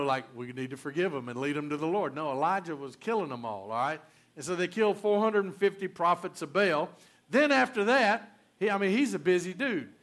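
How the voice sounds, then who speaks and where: Preacher, male, folksy storyteller with joking asides, slightly higher voice, casual sermon delivery. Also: fairly bright tone.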